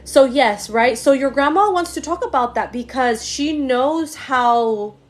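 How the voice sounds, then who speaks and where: A woman's voice: sits high, a little slow. A young woman giving a live-streamed psychic reading, emotional and gushing, with many repeated words and fillers. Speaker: psychic medium. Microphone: phone or computer mic on a live stream.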